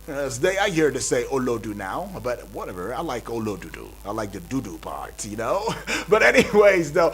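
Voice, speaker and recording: A man with a Nigerian accent hosting a breakfast radio show, hyping up listeners with repetitive, energetic patter from the studio. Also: medium pitch, slight background noise. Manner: hype-building, repetitive, calls out to listeners.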